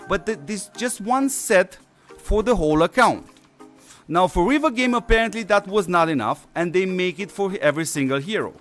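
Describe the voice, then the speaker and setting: Brief: male gaming host, losing his voice, loose rambling delivery, slightly high voice, faint background music. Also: lively intonation, normal speed, fairly bright tone. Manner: rambling, many fillers and restarts. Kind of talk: casual stream commentary.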